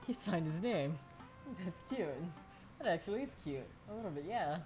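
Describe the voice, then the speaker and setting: A woman streamer talking casually over her gameplay, goofy and quick to giggle, with casual swearing. Her voice sits low for a woman, and faint game music plays underneath. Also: animated, warm tone. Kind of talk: casual live-stream commentary.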